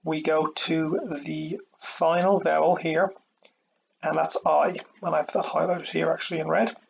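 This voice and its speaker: A man's voice: on the high side, level tone, a little slow, vocal fry, muffled recording, a little hiss or hum. A man teaching an Irish grammar lesson step by step, patient and checking in with "okay" and "all right" often.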